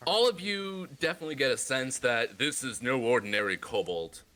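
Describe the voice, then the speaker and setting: A man runs a tabletop roleplaying game as its game master. He narrates scenes in a bright, forceful voice, playful and descriptive, slowing down to draw out the dramatic details. His pitch sits in an ordinary middle range. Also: lively intonation.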